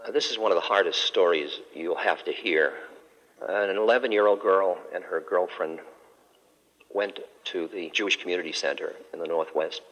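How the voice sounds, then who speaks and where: An older man, a spiritual teacher, telling stories gently and unhurriedly, with soft laughs. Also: sits low, normal speed, muffled recording. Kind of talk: storytelling talk. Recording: hall with long reverb.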